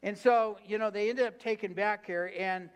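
A man's voice: sits high, steady tone, normal speed, smooth. A man pastor preaching a sermon, reading scripture aloud and urging the congregation to repeat lines back to him. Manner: preaching with call-and-response prompts to the congregation; reads scripture aloud, then applies it with fervent repetition.

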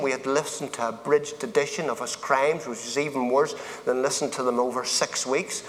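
A man's voice: mid-range voice, fairly bright tone. A man with a Northern Irish accent giving an earnest, plain-spoken testimony at a men's event, building to fervent appeals. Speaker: speaker giving a personal testimony. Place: event hall. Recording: long hall reverb.

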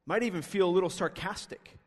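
A man's voice: sits high, a little fast, darkish tone. A male pastor preaching a sermon, emphatic, pressing his listeners with rhetorical questions. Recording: long reverb of a hall.

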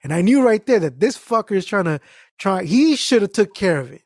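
A man's voice: high-pitched, brisk, dry recording, clean studio sound. A man telling a work story in casual chat, cursing freely and acting out the people in it. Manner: animated, profane, acts out voices. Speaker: guest storyteller.

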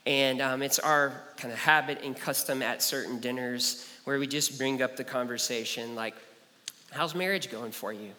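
A man's voice: medium pitch, moderate pace, bright, forceful tone. A man preaching a sermon as a pastor, earnest and personal, telling stories and repeating key phrases. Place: church sanctuary. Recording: church hall reverb.

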